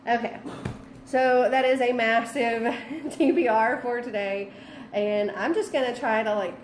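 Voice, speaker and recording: A woman's voice: a little high, unhurried, a little hiss or hum. Young female book vlogger, bubbly, chatty, giggly, sleepy at night. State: tired. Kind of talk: casual vlog chat.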